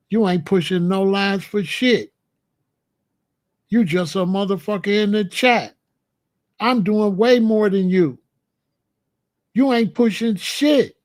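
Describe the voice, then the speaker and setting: A man's voice: high-pitched, unhurried, pauses often, a little mellow. A man hosting a livestream, ranting and mocking viewers in the chat in a combative, profane way. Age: adult. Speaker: livestream host. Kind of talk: heated livestream rant.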